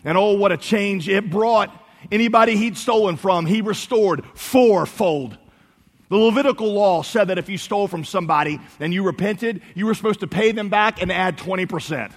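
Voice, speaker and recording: A man preaching a sermon, swinging between soft low emphasis and loud, high outbursts. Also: moderate pace, big-room sound. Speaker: pastor.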